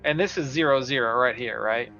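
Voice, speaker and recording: A man talks through his moves as a tabletop game player, easygoing and thinking out loud. The sound is dull and lo-fi, with faint music behind him. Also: medium pitch, a little fast. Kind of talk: casual tabletop game play.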